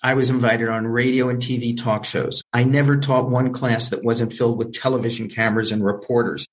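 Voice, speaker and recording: An older man recounts his career as an interview guest, lively and theatrical as he plays out the voices in his anecdotes. His voice sits at an ordinary middle pitch. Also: brisk, low-quality recording. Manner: animated storyteller who acts out quoted voices. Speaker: interview guest, film producer. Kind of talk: storytelling in an interview.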